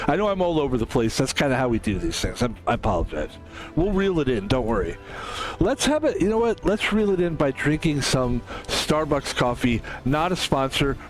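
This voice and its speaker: A man streaming a game who talks casually to his audience. He rambles, swears often and drifts into jokey asides. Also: fairly high pitch. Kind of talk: casual solo stream monologue.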